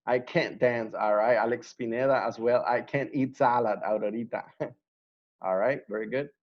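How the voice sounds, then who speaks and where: A man's voice: medium pitch, steady tone, moderate pace, dull audio. A man teaching an online English class, patiently repeating words to drill pronunciation.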